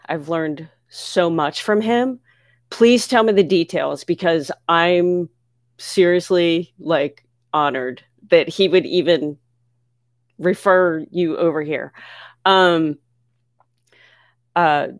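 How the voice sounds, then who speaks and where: A woman from the United States hosting a casual livestream, reading viewer comments aloud and answering questions in an excitable, chatty way. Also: lowish voice, no room sound, studio quality. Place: home near Philadelphia.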